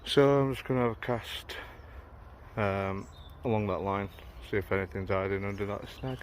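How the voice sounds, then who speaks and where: A man's voice: fairly low pitch, fairly even intonation, normal speed, a little hiss or hum. A man with a South Yorkshire accent, chatting and joking as he vlogs a fishing trip outdoors by a river. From South Yorkshire, England. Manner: chatty, jokey, swears when annoyed. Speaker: angler vlogger. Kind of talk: casual outdoor fishing vlog.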